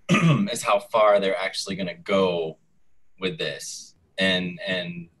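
A man's voice: deep voice, takes it slowly, a bit bright, low-quality recording. A man co-hosting a casual chat, thinking aloud as he recaps a soap opera. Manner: chatty, thinks aloud as he talks. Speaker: co-host.

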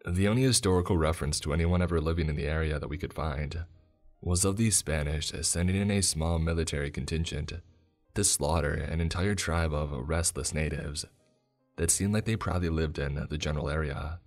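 A man reading a first-person horror story as scripted narration, in a steady, measured storytelling manner. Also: very deep voice, soft background music.

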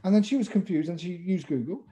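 A man with an English accent, a pitch coach teaching a webinar over a video call in a playful way, calling on participants by name. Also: expressive, fast talker, dark tone. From England.

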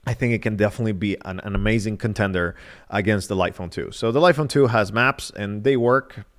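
A man from Nicaragua with a lowish voice hosts a live-stream phone review, speaking a little fast. He talks casually, filling his speech with many fillers and restarts.

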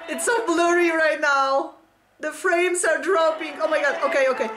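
A woman's voice: high voice, fairly even intonation, normal speed, crowd noise. A woman hosting a reaction video, gushing and squealing and singing along while music plays behind her. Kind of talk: excited reaction commentary. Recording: music playing loudly behind. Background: pop music playing.

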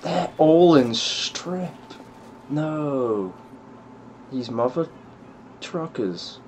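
A man's voice: on the high side, animated, extremely slow, darkish tone, slight background noise. A young man giving gameplay commentary, muttering to himself and swearing at the game. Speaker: gaming YouTuber.

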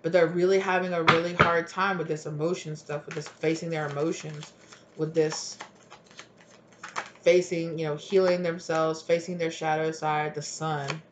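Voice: medium pitch, flat delivery, moderate pace, background noise. A tarot reader giving a solo reading to camera, rambling with many fillers and restarts and acting out both sides of imagined arguments. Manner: rambling, acts out dialogue of both partners.

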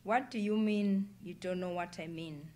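An impatient woman caller who spells out her words firmly and insists on being understood, as a woman reads her part. Her voice is low and measured, quoted in a storybook reading. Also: dark tone, lightly acted. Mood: exasperated firm. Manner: firm, exasperated.

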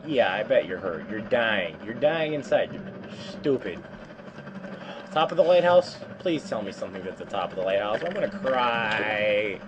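A man's voice: lowish voice, very animated, normal speed, dull audio, background noise. A man giving let's play commentary, swearing and complaining with jumpy outbursts. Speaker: gamer.

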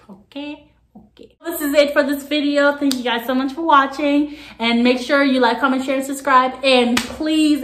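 A young woman from Jamaica casually telling a story to her camera, animated and laughing, swinging between quiet asides and loud outbursts. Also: sits high, slight background noise. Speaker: vlogger. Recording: echoey room.

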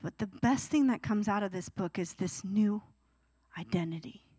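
A young adult woman, a youth pastor, preaches a youth sermon at a moderate pace, her medium-pitched voice slightly rough. She's animated and acts out whiny teenage pleas, with no echo in the audio.

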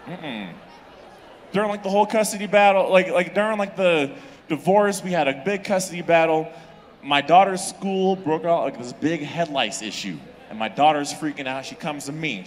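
Crude, animated young stand-up comedian. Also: male voice, fairly high pitch, moderate pace. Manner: crude, animated, laughs at his own jokes. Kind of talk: stand-up set. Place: comedy club stage. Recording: reverberant club from the room.

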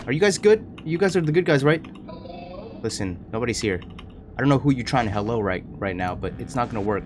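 A young man streaming a horror game, chattering to viewers in an excitable, panicky way. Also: medium pitch, fast talker, a little hiss or hum. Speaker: gaming streamer. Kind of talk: horror game let's play commentary.

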